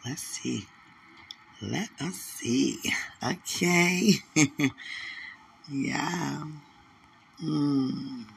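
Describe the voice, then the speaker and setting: Guy doing a live prophetic word, fry in his voice, gets worked up and loud at times. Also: drawn-out words, pauses often. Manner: emotional, repetitive, building to excited high exclamations. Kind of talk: live-stream prophetic encouragement.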